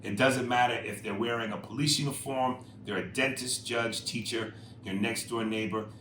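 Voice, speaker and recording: A man co-hosting a casual podcast, reading listener emails and riffing on them in a profane, animated way that jumps loud and high when he makes a point. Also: normal speed. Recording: roomy echo with faint noise.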